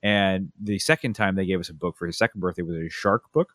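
A young man telling family stories in a relaxed chat, acting out a toddler's lines with lots of energy. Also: low-pitched, fast, no room sound, studio quality. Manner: animated storyteller, acts out a toddler's voice. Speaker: podcast co-host. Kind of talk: casual storytelling chat.

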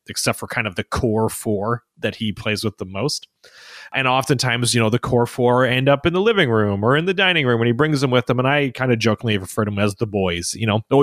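A man in his thirties, a podcast co-host, telling stories in a casual, animated way and laughing often. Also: no echo, studio quality. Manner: animated storyteller, laughs often, high child voices in quotes. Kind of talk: casual chat.

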